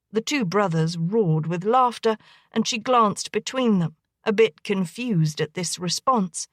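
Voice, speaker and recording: Lady narrating an audiobook, even and gentle, mid pitch, super dry close mic. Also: unhurried, no room sound. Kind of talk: scripted narration.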